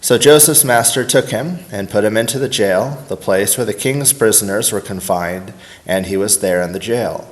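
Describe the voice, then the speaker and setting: A man's voice: lowish voice, moderate pace. Man steadily reading scripture aloud. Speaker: scripture reader.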